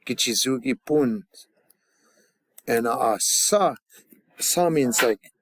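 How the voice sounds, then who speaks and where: A man gives a loose, joking grammar lesson, stumbling over words and restarting often. His voice sits in a middle pitch range. The sound is dry and close, with no room around it. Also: expressive, a bit bright, no room sound. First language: English. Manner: halting, many restarts and fillers, joking asides. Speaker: language teacher.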